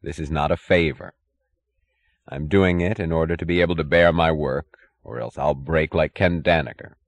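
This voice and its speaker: A man's voice: very deep voice, moderate pace. A man voicing a stern, determined male steel magnate in an audiobook, speaking firmly and in clipped phrases. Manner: firm, clipped, commanding.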